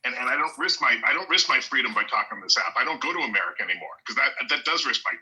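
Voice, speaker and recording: Halting, stammering man in a bright tone. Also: mid-range voice, animated, low-quality recording. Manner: halting, repeats words and restarts. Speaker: foreign guest in a live audio chat. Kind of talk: heated live-stream debate.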